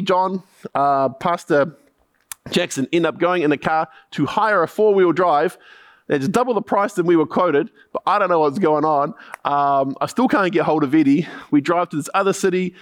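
A man with a New Zealand accent preaching a sermon in a slightly higher voice. He tells stories with a running refrain and presses his listeners with searching questions. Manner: storytelling with repeated punchlines, then probing rhetorical questions.

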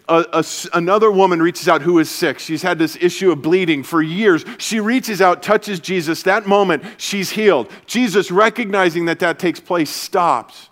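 A man preaching as a pastor to his church, earnest and energetic, dropping to a soft, hushed voice for comforting passages. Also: high-pitched. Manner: earnest, shifts to soft hushed tones when quoting Jesus. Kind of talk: sermon. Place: church service.

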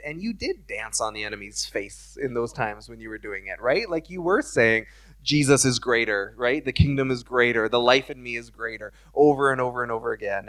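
A man's voice: medium pitch, fairly bright tone. A man pastor interviewing a church member during a service, speaking in a conversational, affirming preaching manner.

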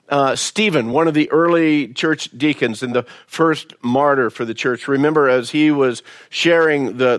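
Male pastor, folksy conversational sermon, middle pitch, dry close sound. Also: no echo. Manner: folksy, conversational, repeats words. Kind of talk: storytelling sermon.

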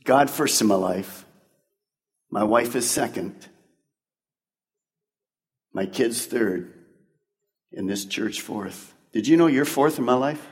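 A man's voice: medium pitch, slow, long pauses. A male pastor preaching to his congregation in an emphatic, conversational style full of rhetorical questions. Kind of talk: sermon. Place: large church sanctuary. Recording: long church-hall reverb.

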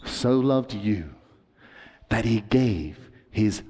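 A man preaching to children and telling stories dramatically, swinging from excited to hushed. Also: on the low side, takes it slowly, husky, long reverb tail. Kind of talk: storytelling sermon to children.

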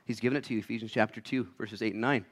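A man preaching a sermon as a pastor, acting out little voices, swinging between loud shouts and quiet asides. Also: on the low side, fairly even intonation, rapid-fire.

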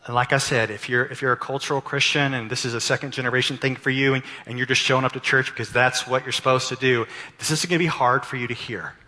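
A man preaching a sermon as pastor, impassioned and climbing to near-shouts at his peaks. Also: mid-range voice, steady tone, fast. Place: church sanctuary. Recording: long hall reverb.

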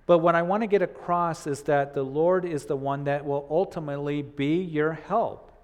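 A man's voice: fairly high pitch, moderate pace, lo-fi sound. A man preaching a sermon in earnest, repeating phrases and voicing the doubts of his listeners. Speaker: pastor. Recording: long hall reverb.

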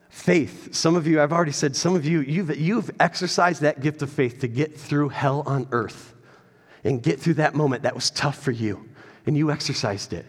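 A middle-aged man preaching a sermon as a pastor, telling a personal story with animated quotes. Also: a little high, long reverb tail.

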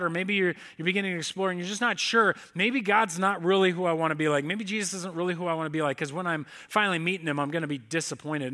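Male pastor, sermon, chatty storyteller, high bright voice, talks straight to the congregation. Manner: conversational storytelling, addresses the congregation directly.

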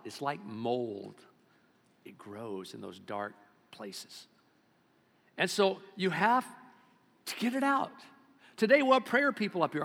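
An older man in his seventies preaches from the pulpit of a church, his voice set a little high for a man. He swings from loud exclamations down to hushed, quiet stretches. A long hall reverb trails every phrase. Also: gravelly. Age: 70s. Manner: swings between loud exclamations and hushed low-key talk. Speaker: pastor. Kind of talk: sermon. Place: church sanctuary.

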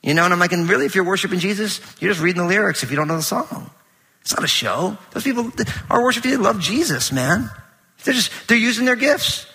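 Animated pastor preaching in a reverberant hall. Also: male voice, high-pitched, fast talker, husky. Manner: animated, conversational, tells anecdotes with quoted dialogue. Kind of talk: sermon. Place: large church auditorium.

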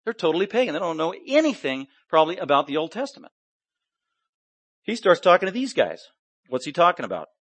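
A man's voice: on the high side, very animated, fairly quick, long pauses, fairly bright tone, slightly rough, no echo. A male preacher giving an emphatic, impassioned expository sermon and stressing his points heavily.

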